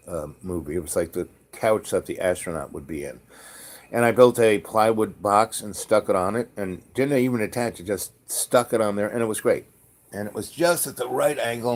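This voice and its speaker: Rambling low-voiced male storyteller. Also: a little mellow. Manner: rambling, full of fillers and restarts, jokey asides. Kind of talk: casual spoken storytelling.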